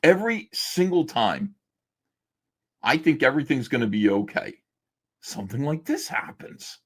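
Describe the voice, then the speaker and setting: A man's voice: medium pitch, very animated, normal speed, a bit bright, breathy edge. A man hosting a livestream from home, ranting in a sarcastic, mocking, rambling way. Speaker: livestream host. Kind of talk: casual livestream rant.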